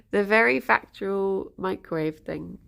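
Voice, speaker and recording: A woman streams a cosy morning chat, reading messages aloud and softly cooing to her rabbits. Her mid-pitched voice has a noticeable gravelly fry running through it, and her talk stays loose and conversational. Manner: chatty, reads and answers chat, coos to her rabbits. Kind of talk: casual livestream chat.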